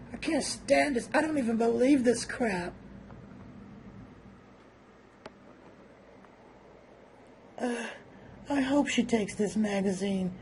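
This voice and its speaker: A woman voicing a tired middle-aged man who secretly doubts his faith, muttering in a deep, quiet voice. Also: a little hiss or hum.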